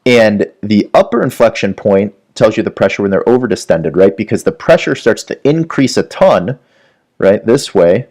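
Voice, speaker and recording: A man's voice: fairly low pitch, lively intonation, normal speed, a little mellow. A man teaching a medical lecture, walking through diagrams and often checking in with "right?". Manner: explanatory, frequent "right?" check-ins. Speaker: medical educator. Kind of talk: whiteboard lecture.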